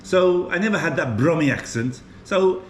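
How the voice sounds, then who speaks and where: Older English man, light West Midlands accent, rambling casual food vlog, slightly high voice, echoey room with faint background hum. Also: animated, moderate pace. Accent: English, West Midlands with a Maltese tinge. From England, West Midlands. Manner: chatty, rambling, chuckling. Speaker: food vlogger.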